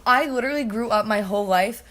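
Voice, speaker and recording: A young woman hosting a podcast spins a long, chatty story, packing it with "like" and performing the voices of people she quotes. Her voice sits on the high side, moves fast, and has a fairly bright tone.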